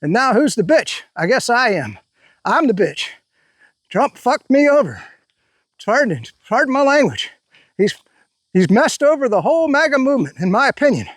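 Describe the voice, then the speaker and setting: A man's voice: very high-pitched, big pitch swings, normal speed, pauses often, fairly bright tone, dry recording, clean studio sound. A man giving a ranting online commentary, angry and sarcastic, with a rambling delivery.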